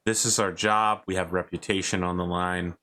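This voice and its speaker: A man's voice: low-pitched, little pitch movement, normal speed, pushed and bright. A man voicing an earnest, businesslike female interrogator who pleads urgently in a tabletop game. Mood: pleading.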